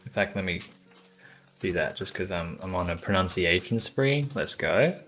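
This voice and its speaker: A man's voice: low-pitched, lively intonation, moderate pace, a bit bright, soft background music. A man streaming live, chatting casually and reading lore aloud, rambling, swearing offhandedly and sounding out tricky words. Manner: laid-back and swears casually.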